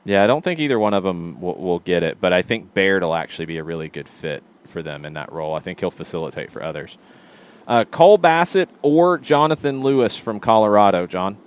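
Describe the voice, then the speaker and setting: A man hosting a casual soccer podcast, quick and lively, teasing his co-hosts. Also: low-pitched, clean tone. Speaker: podcast host. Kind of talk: casual sports chat.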